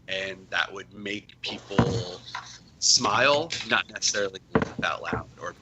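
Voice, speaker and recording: A man's voice: low-pitched, lively intonation, unhurried, noisy background. A man, a comic writer on as a guest, chatting casually and rambling with lots of fillers. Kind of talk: casual chat.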